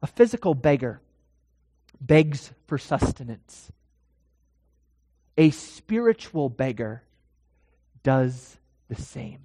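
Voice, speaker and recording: A pastor delivering a dramatic sermon in a church, swinging from hushed to loud. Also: medium pitch, sing-song, slow, long pauses, dry recording, in a large hall.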